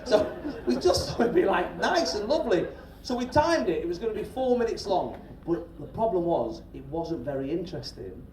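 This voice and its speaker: A middle-aged man, a stand-up comedian telling a story on stage to a live audience in a chatty, animated way, swearing freely and often checking in with the crowd. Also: high voice, a little fast, few pauses. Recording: roomy live-venue recording from a distance. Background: audience laughter and crowd noise.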